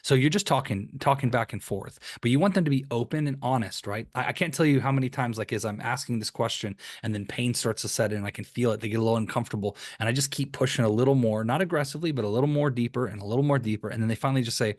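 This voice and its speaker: A man's voice: mid-range voice, racing, few pauses, dry recording. Male sales coach, casual talk, repeats himself, acts out lines; dry close sound. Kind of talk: conversational teaching with screen share.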